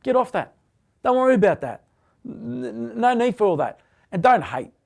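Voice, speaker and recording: A man's voice: extremely high pitch, very animated, moderate pace, gravelly, darkish tone. A middle-aged man, giving blunt, punchy motivational talk to viewers and repeating short commands. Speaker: motivational host.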